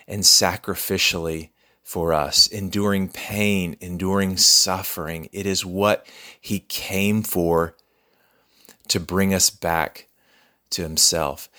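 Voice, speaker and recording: Earnest male pastor, low voice. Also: sharp tone. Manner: earnest, measured, repeats key phrases. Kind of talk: sermon.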